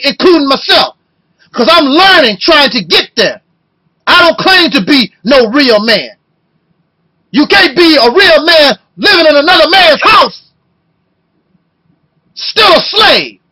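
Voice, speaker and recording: A man in his fifties delivering an impassioned video rant, talking loud and emotional and firing off rhetorical questions. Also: very high voice, low-quality recording. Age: 50s. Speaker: video blogger.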